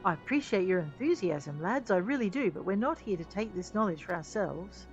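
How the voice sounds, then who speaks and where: A woman voicing a stern male engineer chief in a game, lecturing his men slowly and firmly. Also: medium pitch, expressive, soft background music, lightly acted. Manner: firm, lecturing, deliberate. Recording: dull lo-fi sound.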